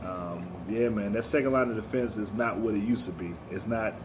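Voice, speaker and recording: A man's voice: on the low side, a little fast. A young man co-hosting a podcast, chatting in a laid-back way and acting out quotes. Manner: laid-back, laughs often, acts out quotes. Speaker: podcast co-host. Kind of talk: casual chat. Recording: background noise.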